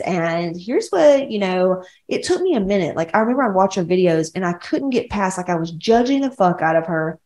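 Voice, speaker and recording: A mid-range, darkish, animated voice at a moderate pace belongs to a West Georgia woman with a Southern accent, recorded in an echoey room. She hosts a casual solo podcast as a women's coach, speaking bluntly, rambling, and swearing often.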